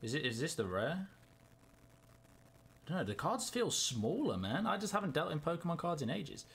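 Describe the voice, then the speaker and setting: A young man chatting casually and excitedly to himself in a card-opening vlog. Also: a little high, normal speed, creaky, slight background noise. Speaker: YouTuber.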